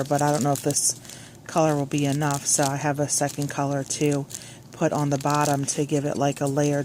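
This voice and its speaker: A woman's voice: sits low, a little mellow, slight background noise. A woman talking through a DIY craft on her phone camera, chatty and scattered, often correcting herself. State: a little out of breath at the start. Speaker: crafting vlogger. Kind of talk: rambling crafting tutorial. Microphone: phone clipped on, hands-free.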